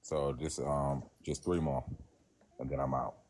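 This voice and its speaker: A man's voice: a bass voice, flat delivery, unhurried, a little mellow. A man, bantering in a casual, provocative and flirty way on a livestream. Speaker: guest caller in a livestream debate.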